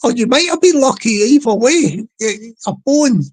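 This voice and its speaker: A man hosts a relaxed live stream and talks at an unhurried, drawn-out pace. He repeats a catchphrase in a playful chant and keeps urging his chat to join in, checking with them as he goes. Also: very high voice, slight background noise, low-quality recording. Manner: repetitive, playful, drawn-out delivery.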